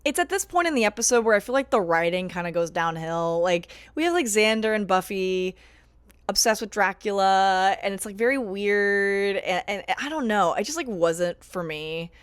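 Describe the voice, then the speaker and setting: A woman's voice: medium pitch, normal speed, smooth, no echo. Chatty woman reviewing a show, dry sound. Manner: chatty, animated, self-deprecating. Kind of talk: casual vlog commentary.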